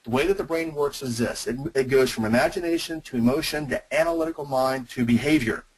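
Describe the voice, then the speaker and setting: A man's voice: medium pitch, fast talker, slight background noise, poor audio. A man presenting a sales webinar, speaking emphatically and addressing his listeners directly. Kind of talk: teaching webinar call.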